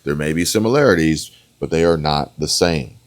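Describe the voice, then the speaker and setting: Man, extremely low voice, reaction commentary, emphatic, repetitive, talks to viewers. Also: moderate pace. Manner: emphatic, repeats points, addresses viewers as folks and guys. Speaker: political commentator.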